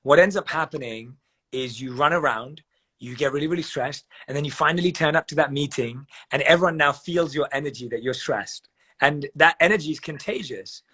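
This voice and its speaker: A man on a live video call giving measured advice, walking through examples step by step and repeating phrases for emphasis. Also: a little high, sharp tone, slightly rough. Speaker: guest speaker on meditation. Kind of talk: calm explanatory advice on a live video chat.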